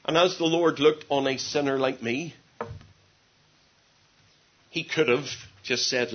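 A man preaching an evangelistic sermon, earnest, swinging from quiet to loud with drawn-out emphasis. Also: medium pitch. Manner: earnest, rises and drops sharply in volume, drawn-out emphasis. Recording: dull lo-fi sermon recording.

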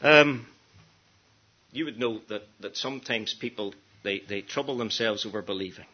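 A man preaching a gospel sermon, earnest, dropping to hushed tones and then rising to emphatic peaks. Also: fairly low pitch, normal speed, husky. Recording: dull lo-fi sermon recording.

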